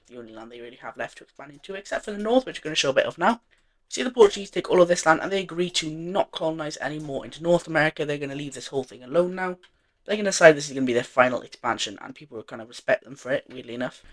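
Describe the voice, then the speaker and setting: A man's voice: fairly high pitch, a bit bright. A man narrating an alternate-history map in a casual, rambling way, full of fillers and offhand self-corrections.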